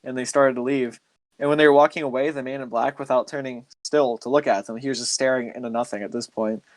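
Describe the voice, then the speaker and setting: A man's voice: mid-range voice, steady tone, fast, dry recording. A man hosting a podcast, telling a story in a loose, rambling way with lots of filler words. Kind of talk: casual storytelling chat.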